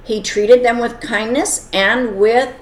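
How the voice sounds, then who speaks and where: A woman's voice: a little high, steady tone, slow. An earnest woman telling a moral story and then explaining its lesson, with plain wording. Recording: echoey room.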